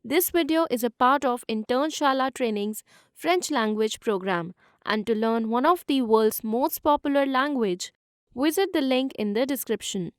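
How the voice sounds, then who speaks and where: A woman reading a scripted quiz question and channel outro for an online lesson video in an even, promotional tone. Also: a little high, normal speed, smooth, no echo. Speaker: channel presenter.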